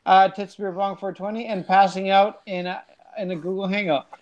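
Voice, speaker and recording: A man with a notably high speaking voice trades crude, loud jokes with friends during an online card game. He reads cards aloud and heckles the others on the call. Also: little pitch movement, normal speed, dull audio. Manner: loud, crude joking banter. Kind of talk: casual group chat over a card game.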